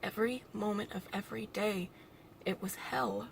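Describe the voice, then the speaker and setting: A young woman vlogging alone, talking in a halting, reflective way with nervous little laughs, emotional and close to tears. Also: medium pitch, creaky, bright, forceful tone, a little hiss or hum. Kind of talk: personal vlog monologue.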